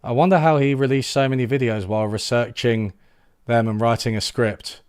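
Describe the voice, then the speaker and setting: A man's voice: medium pitch, steady tone, brisk, darkish tone, clear, resonant tone, dry recording, studio quality. A young man hosting a casual live stream, sarcastic and laughing, full of restarts and trailing asides. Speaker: YouTube channel host.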